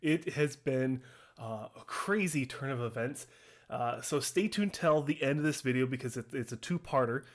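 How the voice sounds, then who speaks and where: A young man commentating on contest footage in a casual, excited way, out of breath and full of fillers. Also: medium pitch, normal speed. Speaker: bodybuilding commentator.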